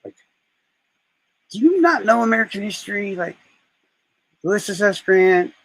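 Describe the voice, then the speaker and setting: Gravelly, husky-voiced male streamer. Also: high voice, expressive, unhurried, no echo, low-quality recording. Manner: rambling, profane storytelling. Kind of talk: casual live-stream chat.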